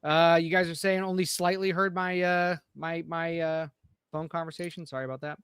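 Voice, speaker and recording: Higher-voiced American man, casual chat. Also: little pitch movement, moderate pace, a bit bright, smooth, no room sound, studio quality. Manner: rambling, reads out chat names. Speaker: podcast co-host. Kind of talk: casual live-stream chat.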